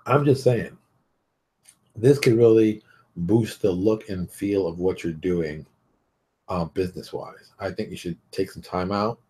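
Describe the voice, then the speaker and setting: Blunt ranting man, low voice. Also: dark tone. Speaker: show host. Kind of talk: casual advice monologue.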